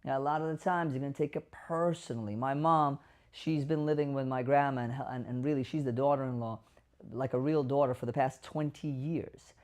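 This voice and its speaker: A man's voice: mid-range voice, steady tone, a little fast, a little mellow. A man hosting a caregiver advice show as a doctor, speaking straight to camera in an emphatic way and sometimes acting out sample dialogue. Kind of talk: direct-to-camera explainer.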